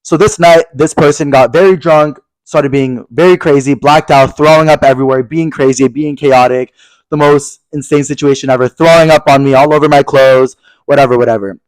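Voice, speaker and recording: A young man co-hosting a podcast, telling a story in casual chat, animated and swearing a lot as he acts out angry quotes. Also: medium pitch, fairly quick, dry recording, low-quality recording. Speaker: podcast co-host.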